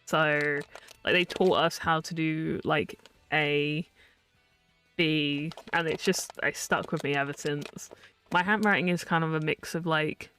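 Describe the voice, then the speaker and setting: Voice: medium pitch, steady tone, measured pace, pushed and bright, soft background music. A streamer in their twenties, chatting casually on a live stream in a rambling, filler-heavy way with frequent laughs.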